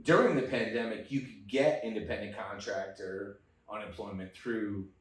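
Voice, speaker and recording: A man's voice: lowish voice, normal speed, distant mic. A man in his fifties telling a story in a casual chat, ranting and swearing a lot and repeating himself. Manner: ranting, profane, repetitive. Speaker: guest. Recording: echoey room, off-mic.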